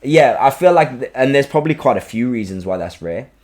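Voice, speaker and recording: A man, hosting a podcast and telling a story in a casual, animated way, acting out quotes and swearing freely. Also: medium pitch, brisk. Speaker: podcast host. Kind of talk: casual chat.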